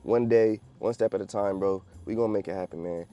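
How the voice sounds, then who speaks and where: Laid-back young man, mellow low voice. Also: fairly even intonation, fast talker, soft background music. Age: 20s. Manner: laid-back slang-heavy talk, calls viewers bro. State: a little out of breath. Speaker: day trader vlogger. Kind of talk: casual vlog with market updates.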